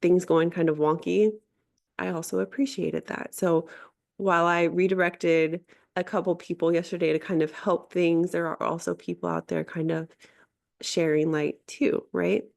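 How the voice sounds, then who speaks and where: A middle-aged woman, a life coach, telling a reflective personal story earnestly, often restarting and pausing. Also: fairly low pitch, level tone, gravelly, a little mellow. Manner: earnest, with frequent restarts and pauses.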